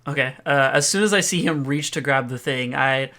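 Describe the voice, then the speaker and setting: A man with a bright, forceful voice plays his character in a tabletop game. He talks in a loose, joking way and swears now and then. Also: medium pitch, normal speed. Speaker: player. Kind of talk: tabletop role-play chat.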